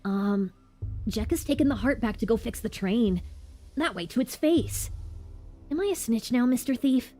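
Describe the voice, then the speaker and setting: A woman's voice: fairly high pitch, animated, normal speed, dark tone, soft background music, voice pushed up. A woman voicing a cheeky young boy who teases and taunts in a childish, mocking way. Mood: taunting. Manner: mocking, playful, childish questions.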